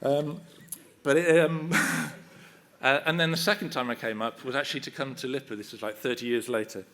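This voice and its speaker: A man's voice: medium pitch, fairly even intonation, normal speed, a bit bright. An older man giving a self-deprecating, humorous acceptance speech at a ceremony, telling anecdotes on a podium microphone in a hall. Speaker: honorary award recipient.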